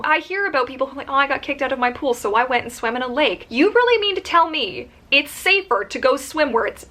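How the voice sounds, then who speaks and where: Earnest, emphatic woman with a high voice. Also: a bit bright. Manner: earnest and emphatic, openly angry; lists points in rapid runs. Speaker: professional mermaid vlogger. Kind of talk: direct-to-camera vlog.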